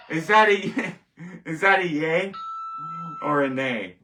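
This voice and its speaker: Jokey man host, bright voice, distant mic. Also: sits high, animated, slow. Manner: jokey and rambling, laughs at his own jokes. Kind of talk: casual solo wrestling commentary.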